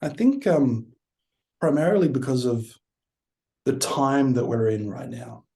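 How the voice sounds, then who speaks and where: A man, a coach speaking as a podcast guest, thoughtful and unhurried as he tells stories. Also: medium pitch, lively intonation, dark tone. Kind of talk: reflective podcast conversation.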